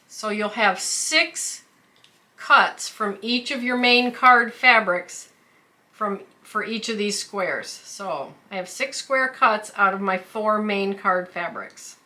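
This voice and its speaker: A woman's voice: a little high, pushed and bright. A woman hosting a quilting tutorial who explains each step carefully, with the odd filler. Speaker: quilting channel host. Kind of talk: craft tutorial.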